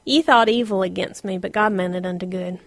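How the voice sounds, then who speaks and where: A middle-aged woman teaching an informal Bible lesson, animated, laughing often and dropping to a whisper for emphasis. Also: mid-range voice, brisk, no room sound.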